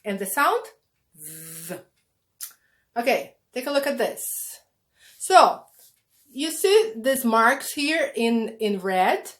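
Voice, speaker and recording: Woman, teacher, very slow, patient, repeats words, pronunciation lesson. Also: a little high, big pitch swings, fairly bright tone. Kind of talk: online English lesson.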